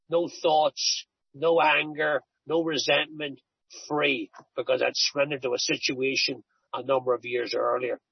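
A man's voice: on the high side, vocal fry, breathy edge, dry recording, lo-fi sound. A middle-aged man giving an earnest personal recovery testimony, telling stories and often repeating himself. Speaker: recovery speaker.

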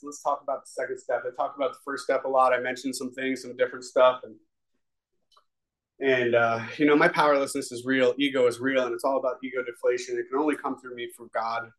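Poor audio captures a mid-pitched man telling his recovery testimony at a meeting. He's candid and confessional, drifting conversationally and leaning heavily on filler words.

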